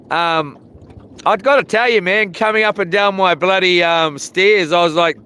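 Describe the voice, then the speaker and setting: This man's voice is high, bright, and forceful, slow with long pauses, carrying a little hiss or hum. A fishing vlogger streaming live from beside the water, he keeps things relaxed and slangy, laughing at his own jokes.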